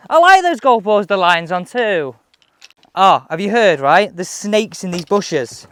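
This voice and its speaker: A man chatting excitedly as he reviews golf clubs outdoors on a course. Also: high voice, slow pace, clear, resonant tone. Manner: chatty, excitable, thinking aloud. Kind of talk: casual on-course commentary.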